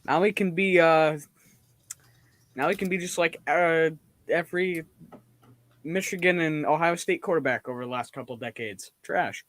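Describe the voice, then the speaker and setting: A man's voice: a little high, normal speed, pauses often, fairly bright tone, dry recording. A man hosting a casual sports stream, laughing easily and reacting to plays as they happen. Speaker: stream host.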